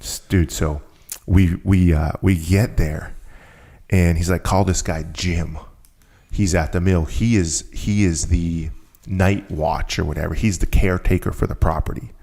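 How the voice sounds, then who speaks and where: A man with a very low, gravelly voice tells a long story as a podcast guest. He talks casually and lifts his voice to act out the people he quotes. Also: measured pace. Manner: animated storyteller acting out quotes. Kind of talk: storytelling conversation.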